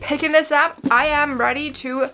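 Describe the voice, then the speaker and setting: Book vlogger: woman, high bright-toned voice, chatty and theatrical, faint music underneath. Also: steady tone, normal speed. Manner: chatty and dramatic, often tearful. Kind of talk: casual chat to camera. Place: her bedroom.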